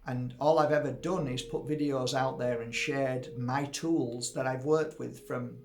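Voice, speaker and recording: A man's voice: medium pitch, fairly even intonation, a little slow, slight background noise. A man in his fifties, an energy healer, talking earnestly and from the heart straight to his viewers in a candid monologue. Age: 50s.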